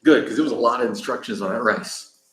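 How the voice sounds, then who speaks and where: Man, casual vlogger chat, answers comments, laughs a lot, middle pitch, roomy echo. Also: fast talker, a bit bright, slight background noise. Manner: loose and chatty, answers viewers' comments, laughs often. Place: echoey room. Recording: echoey room sound.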